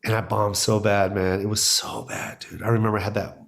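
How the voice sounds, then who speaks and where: A stand-up comedian with a lowish, vocal-fried voice tells stories briskly during a relaxed interview chat. He's an excited storyteller who acts out what people said and laughs a lot.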